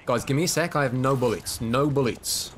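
A man from Birmingham with a light, mostly suppressed Brummie accent, chatting and reacting excitably while streaming a game. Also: medium pitch, fairly quick. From Birmingham, England. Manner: excitable, chatty, shouts at big moments. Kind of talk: live gameplay commentary. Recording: noisy game audio under voice.

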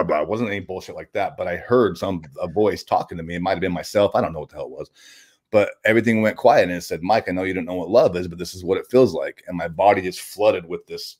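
A man with a deep, low-pitched voice speaks as a guest in an interview. He tells a personal story candidly and plainly. His speech halts and restarts often, with casual swearing mixed in. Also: a little mellow.

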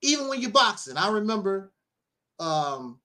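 Animated, lively-voiced storytelling man. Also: high-pitched, normal speed. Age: middle-aged. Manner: animated storyteller, laughs often, preachy asides. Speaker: minister. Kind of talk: casual spoken monologue.

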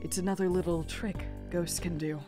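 A woman's voice: fairly low pitch, fairly even intonation, music in the background, pitched below the performer's own voice, lightly acted. Woman putting on a sultry male lamp ghost. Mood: sly. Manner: slow, smooth, teasing mentor.

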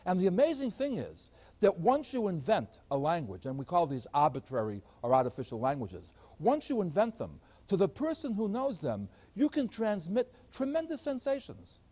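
An older man, a math professor, giving an animated lecture in a storytelling teaching manner. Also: sits high, moderate pace, breathy edge. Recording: older recording.

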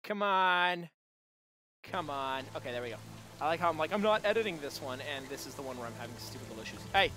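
A man giving goofy, rambling commentary while playing a video game, talking to the creatures on screen and yelling now and then. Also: mid-range voice, expressive, rapid-fire. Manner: goofy, talks to game creatures, sudden yells. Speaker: gameplay video host. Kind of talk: let's play commentary.

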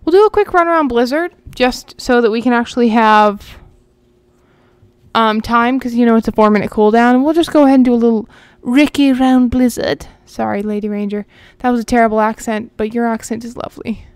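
Woman rambling through her gameplay, kinda high voice, smooth and clear, dry close mic. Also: fairly quick, no room sound. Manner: chatty, rambling, talks to viewers as she plays. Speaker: gaming channel host. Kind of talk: casual gameplay commentary.

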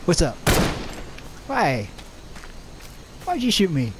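Excitable young gamer yelping at the screen. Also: male voice, high-pitched, takes it slowly, slight background noise. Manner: jokey, excitable, yelps and shouts at the game. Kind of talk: gameplay commentary.

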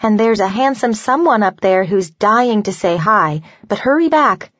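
A woman's voice: medium pitch, animated, moderate pace, dry recording, muffled recording, close to an everyday voice. A woman reading a bold, playful young hostess.

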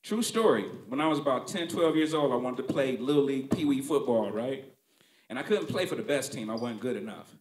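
Animated male stand-up comic. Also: medium pitch, brisk, reverberant, slight background noise. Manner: conversational, punchy, profane. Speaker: stand-up comedian. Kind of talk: stand-up storytelling.

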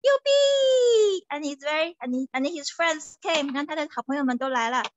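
A woman teacher reads a children's story aloud in an animated, sing-song manner, moving between English and Mandarin. Her voice sits high, and the sound is close and dry. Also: fast talker, no echo, lo-fi sound.

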